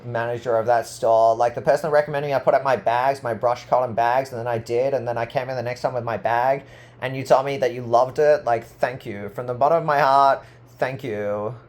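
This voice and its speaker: A man in a rambling personal monologue to camera, full of "like" fillers, swinging from loud boasting to low murmuring. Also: fairly even intonation, brisk. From Australia. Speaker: artist vlogger.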